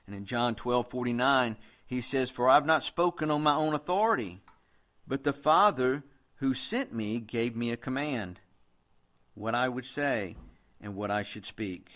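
A man's voice: mid-range voice, lively intonation, unhurried, fairly bright tone. Earnest male preacher, conversational sermon.

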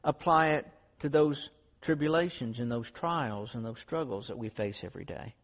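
A man's voice: medium pitch, moderate pace. A man preaching a sermon in an earnest, conversational storytelling way. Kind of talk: sermon with closing prayer. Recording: dull lo-fi sound in a reverberant hall.

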